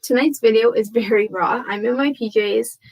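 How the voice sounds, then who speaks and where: A woman's voice: on the high side, moderate pace, dull audio, a little hiss or hum. A woman in her thirties chatting casually to camera from home, rambling and self-deprecating, tired and frazzled, laughing often. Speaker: vlogger. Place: home room with torn wallpaper.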